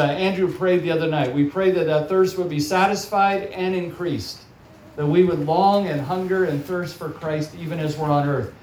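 Guest preacher, man, slightly high voice, distant mic in a roomy hall. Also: slight background noise. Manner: warm storytelling, animated in acted quotes. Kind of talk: sermon. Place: large hall or church, audience present. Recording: echoey hall, picked up from far off.

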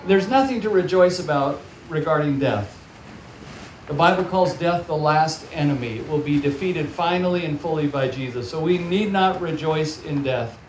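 Guest preacher, man, slightly high voice, distant mic in a roomy hall. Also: moderate pace, a little hiss or hum. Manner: warm storytelling, animated in acted quotes. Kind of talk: sermon. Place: large hall or church, audience present. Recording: echoey hall, picked up from far off.

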